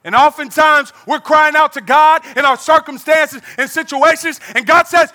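High-voiced, animated male preacher. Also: moderate pace, few pauses. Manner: animated preaching, bursts of shouting, playful asides. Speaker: pastor. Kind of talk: sermon.

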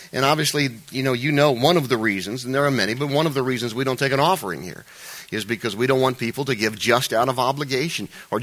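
A male pastor delivers a sermon with a bright, forceful tone. He is animated and playful, with frequent restarts and joking asides. His pitch swings widely as he preaches.

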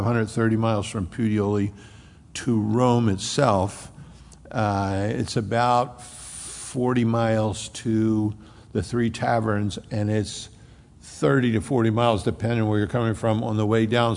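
Folksy preacher man, gravelly voice. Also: lowish voice, fairly even intonation, a little slow, a little mellow, long reverb tail. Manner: folksy storytelling preaching with casual asides. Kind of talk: sermon.

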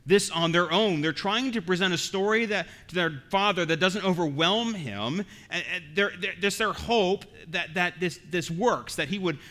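A man's voice: sits high, moderate pace, hardly any pauses, bright, forceful tone. A man preaching an expository sermon as pastor, earnest and emphatic, often repeating words as he goes.

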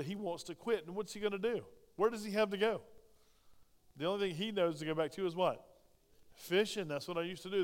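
A man preaching a sermon, animated and acting out the scripture quotes with big swings in loudness. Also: fairly high pitch, clean tone. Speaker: pastor. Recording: long hall reverb.

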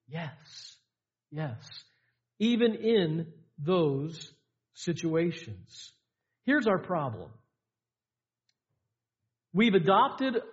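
A man preaching a sermon, emphatic, with repeated lines and dramatic pauses. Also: high-pitched, muffled recording. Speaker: pastor. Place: church sanctuary.

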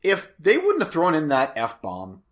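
His voice is a little high and a little slow, with huge swings in pitch. As co-host of a casual movie review podcast, he rambles and hesitates, restarting often while recapping plots and giving his opinions.

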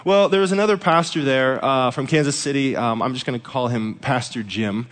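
A male pastor telling a humorous story in his sermon, his mid-pitched voice ringing in a long hall reverb. He preaches in a church sanctuary. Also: brisk, fairly bright tone.

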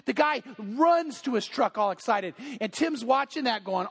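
High-voiced man preaching a sermon. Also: expressive, brisk, creaky, hardly any pauses, breathy edge. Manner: storytelling, acts out quoted voices; casual, repeats words. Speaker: pastor. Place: church service.

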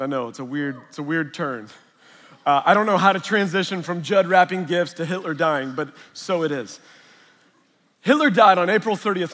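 A man's voice: high-pitched, fairly bright tone. A man preaching a sermon, mixing chatty storytelling and humor with Scripture. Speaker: pastor. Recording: long reverb of a large hall.

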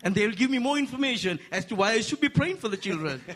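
Male preacher, Asian-accented English, husky, voice a touch high, climbs higher when stressing points, jokes with the crowd. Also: fast. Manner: rising to animated, high-pitched emphasis; playful asides with the congregation. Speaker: guest preacher. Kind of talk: sermon.

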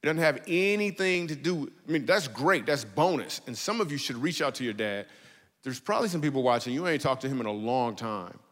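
A man with a medium-pitched voice, speaking a little fast, preaches a casual, comedic sermon in a church. He tells stories and jokes conversationally with animated delivery, and a long hall reverb hangs on the sound.

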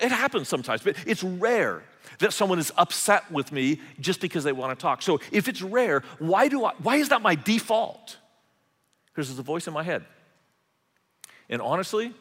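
Pastor delivering a sermon, lively pitch, bright tone, long hall reverb. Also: male voice. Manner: animated, repeats words as he talks.

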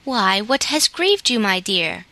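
A woman voicing a kindly old male toymaker who speaks gently and fondly, in a storybook reading. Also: mid-range voice, sing-song, a little slow, no room sound, exaggerated voice. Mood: gentle. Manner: gentle, fond.

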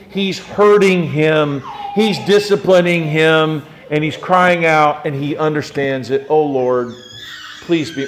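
High-voiced man preaching with rising passion. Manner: swings from soft low asides to high impassioned cries; acts out quoted prayers. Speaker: pastor. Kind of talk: sermon.

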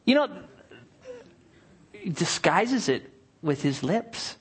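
A male pastor preaching a sermon. He swings between hushed asides and excited bursts, and acts out little scenes with playful voices. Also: high-pitched, slow, breathy edge.

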